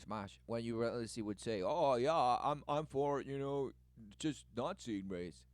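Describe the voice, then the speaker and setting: A man's voice: mid-range voice, lively intonation, measured pace, a little mellow, dry recording. A man giving rambling spoken commentary, free-associating and circling back to the same words. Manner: repetitive, free-associating, says "relentlessly" a lot; mimics others in a raised voice when quoting them.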